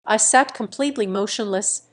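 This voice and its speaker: A woman reading a first-person story as narrator in an even, measured way. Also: mid-range voice. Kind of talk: scripted narration.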